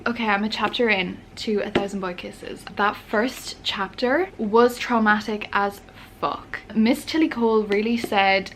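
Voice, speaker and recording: A young woman talks to camera in a relaxed, chatty vlog voice, candid and peppered with fillers. Her pitch sits at an ordinary middle height. A faint hiss runs under the recording. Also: a little slow, hardly any pauses. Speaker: book vlogger.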